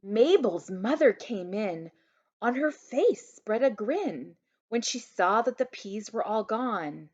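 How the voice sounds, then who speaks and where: A woman teacher reads a rhyming picture book aloud in an unhurried, sing-song voice, slipping into quiet asides for young listeners. Her pitch rises and falls with lively swings. The recording is dull and lo-fi.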